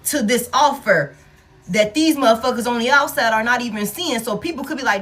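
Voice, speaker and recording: A woman's voice: fairly high pitch, lively intonation, fairly quick, a bit bright, soft background music. A woman giving a casual tarot reading, blunt and profane, repeating key lines for emphasis and laughing often. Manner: laughs often between remarks. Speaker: tarot reader.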